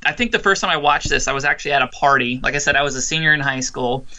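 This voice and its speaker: A man's voice: medium pitch, very fast, pushed and bright. A man co-hosting a casual film podcast, rambling with constant "like" fillers and restarts. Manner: rambling, heavy use of filler "like". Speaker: podcast co-host.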